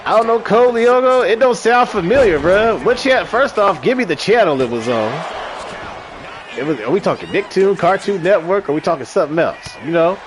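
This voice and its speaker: Over a noisy background, a man in his thirties does casual live commentary on a wrestling stream, joking, swearing, singing and answering chat. His voice is high with lively intonation, and he talks briskly.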